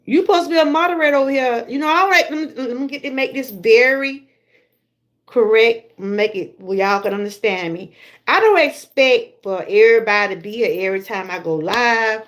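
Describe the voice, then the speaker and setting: A woman's voice: fairly high pitch, normal speed, fairly bright tone. A middle-aged woman with a Southern US accent, chatting casually to her viewers on a livestream and laughing often. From Georgia, USA. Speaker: livestream host.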